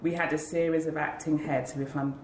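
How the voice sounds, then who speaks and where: The speaker is a school leader giving an interview, her voice low, darkish in tone and brisk, with a flat delivery. She earnestly relates a heartfelt personal story, voicing the people she quotes, and the recording carries a roomy echo plus a little hiss or hum.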